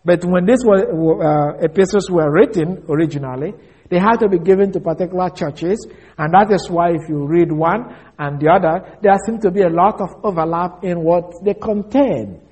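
A male preacher delivers an expository sermon with a husky, fairly high voice. He reads scripture passages slowly and deliberately, leaning on key words as he explains them. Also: a little mellow. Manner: slow, deliberate reading of scripture with stressed words.

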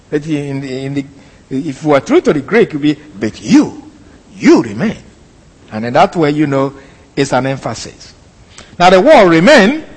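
A man preaching an expository sermon, teaching slowly with pauses and fillers. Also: fairly high pitch, husky, long reverb tail, poor audio.

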